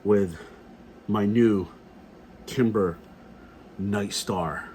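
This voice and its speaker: A man's voice: lowish voice, very slow, a little mellow, a little hiss or hum. A middle-aged man ranting casually in a video blog, blunt and profane, repeating himself as he talks. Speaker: gun vlogger.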